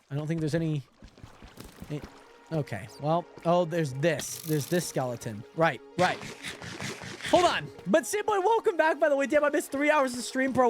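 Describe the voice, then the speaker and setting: Excitable young man streaming, high lively voice. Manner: excitable, talks to chat by name, lots of "like" and "hold on". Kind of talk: casual livestream chat while gaming.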